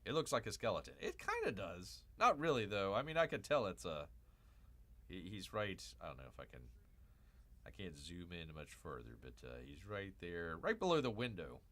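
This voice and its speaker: A man's voice: low-pitched, very animated, normal speed, fairly bright tone. A man hosting a livestream in casual, joking commentary, rambling through asides, repeating himself and calling himself Bear. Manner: joking, calls himself Bear in third person. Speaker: livestream host.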